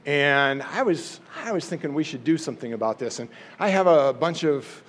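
Man doing a scheming royal official, wheedling, fairly high voice. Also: expressive, normal speed, a bit bright, a little hiss or hum. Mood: persuasive.

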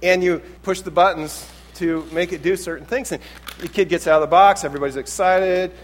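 A man's voice: sits high, fairly quick, a little hiss or hum. A man preaching a sermon in church, talking conversationally and acting out little quotes as he goes. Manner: conversational and animated, acts out quotes. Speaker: pastor.

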